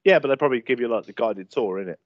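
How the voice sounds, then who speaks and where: A man's voice: medium pitch, lively intonation, racing, no echo. A young man, chatting casually and laughing easily as a podcast co-host. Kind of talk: casual chat. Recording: dry, dull lo-fi audio.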